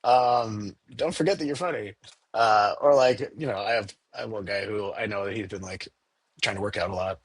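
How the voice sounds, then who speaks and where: Husky-voiced man, animated storyteller. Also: on the low side, fairly quick, no echo. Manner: animated, acts out quotes in a raised voice. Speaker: candy store owner. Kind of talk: casual interview talk.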